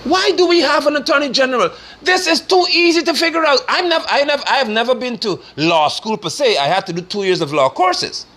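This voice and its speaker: Man, preacher-style political commentator, bright high voice, scornful and forceful delivery. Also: expressive, a little fast, hardly any pauses. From Guyana. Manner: forceful, scornful, rising to sermon-like declarations.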